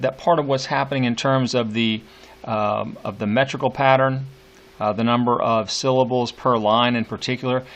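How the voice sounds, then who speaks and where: A man delivers a recorded poetry lecture in a voice of ordinary pitch. He explains patiently, thinking aloud as he goes. His speech is full of fillers, restarts and small pauses. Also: fairly bright tone. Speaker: literature teacher. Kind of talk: recorded lecture annotating a poem.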